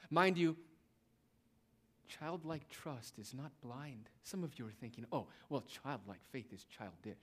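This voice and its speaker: A man's voice: medium pitch, animated, unhurried. A young man preaching a sermon, emphatic and repetitive, addressing his listeners as beloved. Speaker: pastor.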